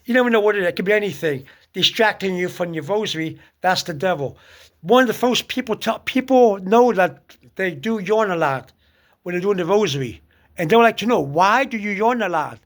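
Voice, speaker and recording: A man giving casual spoken advice on prayer, halting often with fillers and restarts. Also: high-pitched, expressive. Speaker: speaker giving religious advice.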